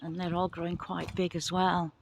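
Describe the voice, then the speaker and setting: This gardening vlogger walks viewers through her plot in breezy outdoor conditions, filming on her phone and chatting eagerly while apologizing along the way. Her gravelly voice sits on the low side, at a moderate pace.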